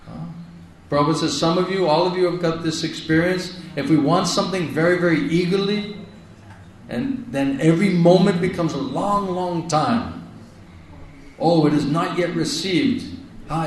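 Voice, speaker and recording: A man's voice: fairly high pitch, a little hiss or hum. Man, devotional lecture, emphatic, echoey, distant mic. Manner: emphatic, repeats phrases, asks "isn't it?". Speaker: spiritual teacher. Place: lecture hall in India. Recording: echoey hall, heard from a distance.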